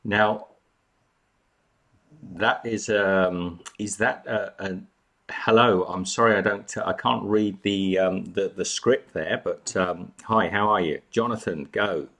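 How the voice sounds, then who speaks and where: A man's voice: low-pitched, slow, fairly bright tone. A man hosting a casual live chat from home, greeting viewers by name and snacking as he talks. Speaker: live stream host.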